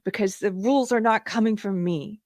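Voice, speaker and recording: A woman hosting a live talk show, telling a personal story in a candid, animated way with fillers and laughs, at times close to tears. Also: mid-range voice, moderate pace, dry recording. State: emotional, near tears. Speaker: podcast host. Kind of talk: live-streamed commentary, personal anecdote.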